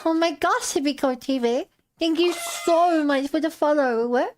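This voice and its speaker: Brief: a woman doing a sugary uwu-voice girl, high and mock-sweet, who ends every line with "uwu". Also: normal speed, slight background noise, lightly acted. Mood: sugary mock-cute. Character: exaggerated cutesy uwu-talking young woman. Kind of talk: playful put-on voice on a live stream.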